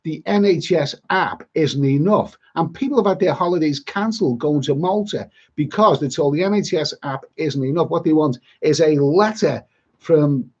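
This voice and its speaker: A man's voice: on the high side, normal speed. A man from Liverpool with a Liverpool accent, rambling bluntly and grumbling through a casual live-stream chat as a travel vlogger. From Liverpool, England. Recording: dull lo-fi sound.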